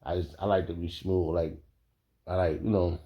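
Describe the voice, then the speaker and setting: A man telling a casual story, animated and profane, laughing often. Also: low voice, moderate pace.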